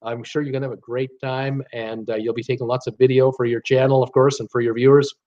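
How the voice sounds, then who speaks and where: A man's voice: medium pitch, little pitch movement, fast, a little mellow, muffled recording. Rambling man chatting on a live stream. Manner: rambling, frequent "uh" and restarts, upbeat replies to viewers. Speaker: YouTube channel host reading live chat. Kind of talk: casual live-stream chat.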